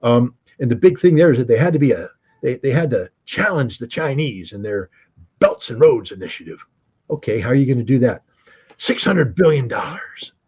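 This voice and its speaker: Man, interview guest, husky mellow voice, emphatic and sardonic, dull lo-fi sound. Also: medium pitch, animated, normal speed. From United States. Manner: emphatic, sardonic, rhetorical questions. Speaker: guest commentator. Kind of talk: interview commentary. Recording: dull lo-fi recording.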